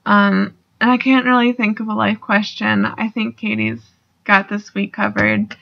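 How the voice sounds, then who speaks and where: A woman's voice: medium pitch, flat delivery, measured pace, vocal fry. A young woman talking casually in a video response, rambling with fillers and casual swearing, a little emotional. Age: young adult. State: getting emotional. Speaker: student vlogger. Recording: dull lo-fi recording.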